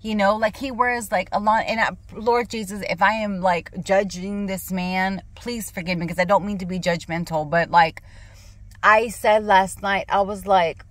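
Animated woman vlogging from her car. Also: medium pitch, moderate pace. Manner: animated, emphatic retelling. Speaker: Christian ministry vlogger. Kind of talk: casual faith vlog. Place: parked car.

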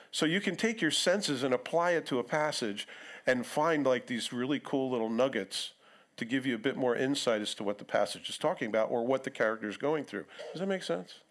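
A middle-aged man preaching in a church in a conversational tone. His voice sits at a medium pitch. He now and then acts out quotes in other voices. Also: a bit bright. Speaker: pastor. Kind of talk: sermon.

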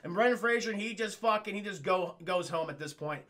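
A man recaps a movie for his livestream chat in a loose, rambling way, swearing freely and calling out to the chat every few lines. His voice sits high for a man and has a bright, sharp edge. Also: animated, fairly quick. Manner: rambling, profane, keeps addressing the chat. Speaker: streamer reviewing a film.

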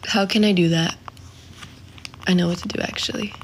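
A woman's voice: lowish voice, steady tone, normal speed, a little hiss or hum. A woman around twenty chatting casually on a live stream from home, reading viewer comments aloud into a phone held at arm's length. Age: 20s. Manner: chatty, reads viewer comments aloud, sings snatches of a song. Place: home indoors.

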